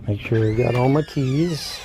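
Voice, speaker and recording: A man's voice: medium pitch, huge pitch swings, a little slow, background noise. A man filming outdoors in the rain on a phone, rambling and cooing baby talk at his dogs. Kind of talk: casual handheld video narration.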